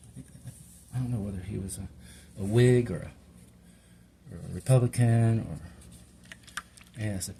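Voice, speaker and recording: Middle-aged male home cook, chatty and meandering, gravelly tone, faint background noise. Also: low voice. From Hawaii. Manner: chatty, meandering, talks to himself while working. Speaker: home cook and channel host. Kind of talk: rambling casual cooking vlog.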